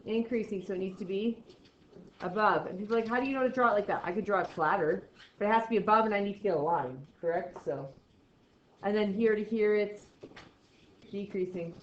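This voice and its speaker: A woman's voice: mid-range voice, dull audio, a little hiss or hum. Casual woman teaching a math class. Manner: asks quick questions and answers them herself; casual and encouraging. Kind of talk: classroom lecture.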